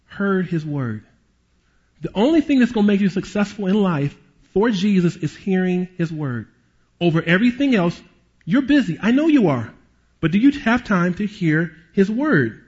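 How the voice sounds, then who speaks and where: Guy preaching, husky kinda high voice, muffled lo-fi recording, tells stories big then goes real quiet. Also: normal speed. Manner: animated storyteller, drops to hushed tones for emotional moments. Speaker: pastor and police chaplain. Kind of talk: sermon with storytelling.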